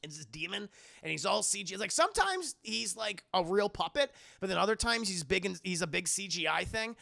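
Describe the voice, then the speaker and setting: A man's voice: sits high, sing-song, fairly quick, creaky, bright, forceful tone. A man streaming a casual film recap, talking in a profane, rambling way.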